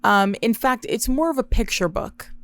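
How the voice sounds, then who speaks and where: A woman hosting a podcast alone, telling a story in a wry, profane, deadpan way. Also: fairly high pitch, moderate pace. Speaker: podcast host. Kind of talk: casual solo storytelling.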